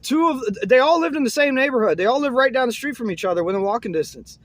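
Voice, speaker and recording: A young man casually telling a rambling story, filling it with "man" and "uh" and dropping low and soft at grim moments. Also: expressive, fast, no room sound.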